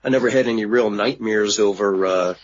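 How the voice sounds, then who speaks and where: A man telling of a sighting in a halting way with many restarts, as a guest on a remote interview. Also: on the low side. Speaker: guest witness. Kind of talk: casual radio interview. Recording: dull lo-fi remote line.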